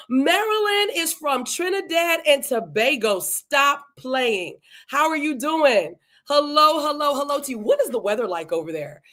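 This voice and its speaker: A woman's voice: high voice, expressive, a little slow. Effusive woman hosting a live podcast. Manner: warm, effusive, repetitive greetings. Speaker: podcast host. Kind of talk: live-stream podcast chat with viewers. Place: home in Delaware.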